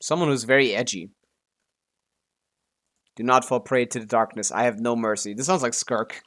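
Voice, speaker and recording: A man streaming a game, talking half to himself in loose, mumbling commentary. He corrects himself often and swears in passing, in a middle-pitched, ordinary voice. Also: normal speed, fairly bright tone.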